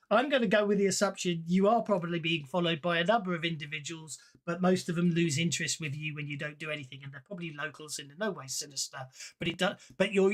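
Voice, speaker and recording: A man running a tabletop horror game as game master, rambling and self-deprecating, laughing often. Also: fairly high pitch.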